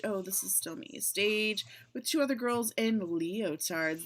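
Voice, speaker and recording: Bright-voiced woman reading stage directions. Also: medium pitch. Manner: chatty, laughs and asides between directions. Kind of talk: casual script reading over video call. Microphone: home computer mic on video call.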